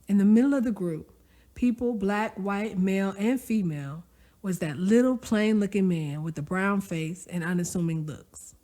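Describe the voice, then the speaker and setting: A woman narrating a story aloud, expressive and conversational, with folksy asides to the listener. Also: mid-range voice, moderate pace. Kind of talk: audiobook-style story narration.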